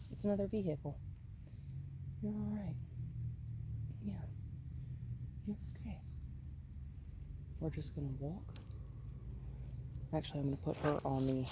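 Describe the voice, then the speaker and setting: Low-voiced woman dog trainer outdoors. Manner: calm, coaxing, keeps praising the dog between explanations. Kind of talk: instructional walk-along narration. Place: outdoors on a residential road. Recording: outdoor noise in the background.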